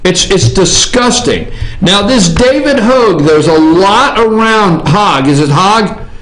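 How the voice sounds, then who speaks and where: Slow, rambling male host in an echoey room. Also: sits high, lively intonation, fairly bright tone. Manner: rambling, repeats himself, tags lines with "okay?". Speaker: talk show host. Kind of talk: opinion commentary. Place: office.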